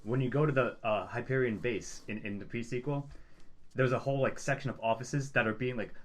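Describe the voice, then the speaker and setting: Fast-talking man in casual podcast chat. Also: medium pitch. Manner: fast, rambling, acts out quotes in animated voices. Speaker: podcast co-host.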